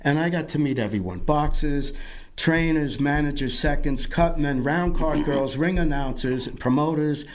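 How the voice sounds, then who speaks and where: A man's voice: fairly high pitch, normal speed, a little hiss or hum. A middle-aged man from Yonkers, telling his life story as an interview guest in a rambling way, often repeating words and acting out what others said. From Yonkers, New York.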